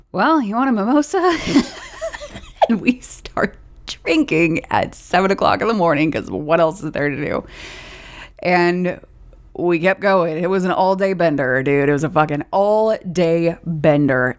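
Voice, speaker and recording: A woman in her thirties hosting a podcast, telling festival stories in casual, profane, animated chat with frequent laughs. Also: sits low. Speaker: podcast host. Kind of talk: casual storytelling.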